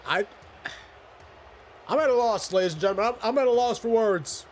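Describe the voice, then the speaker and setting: A man giving excitable wrestling play-by-play commentary over a video game, shouting at the big moments and dropping wry asides. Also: sits high, moderate pace, a little hiss or hum.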